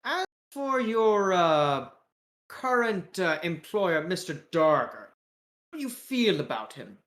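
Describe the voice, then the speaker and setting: A tall, showy German tycoon with a British accent, put on by the game master, raised a notch in pitch. He's jovial and grandly courteous, all backslaps and flattery. Recorded with a roomy echo. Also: takes it slowly. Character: tall boisterous German businessman, showy, grinning.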